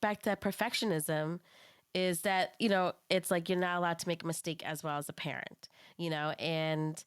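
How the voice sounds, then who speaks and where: A woman's voice: lowish voice, fairly even intonation, moderate pace, smooth, no echo, clean studio sound. A woman co-hosting a parenting podcast, speaking candidly and reassuringly. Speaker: podcast co-host. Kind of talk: casual chat.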